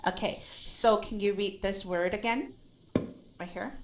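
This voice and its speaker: A woman's voice: mid-range voice, unhurried. Patient woman coaching pronunciation, lo-fi. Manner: patient, corrective, checks in with "okay?" and "right?". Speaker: English pronunciation teacher. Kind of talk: live online pronunciation lesson.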